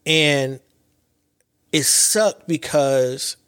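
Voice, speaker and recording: Male podcast host, late thirties, somewhat high pitch, close dry mic, animated storyteller with loose slang. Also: very slow, smooth, no room sound. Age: late 30s. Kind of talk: casual reflective monologue.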